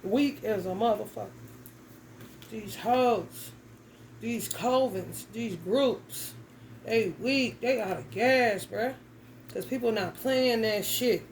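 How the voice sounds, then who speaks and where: A woman's voice: fairly high pitch, slow pace, slight background noise, low-quality recording. A young adult woman giving a casual tarot reading, talking bluntly and emphatically with plenty of cursing and slang. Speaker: tarot reader.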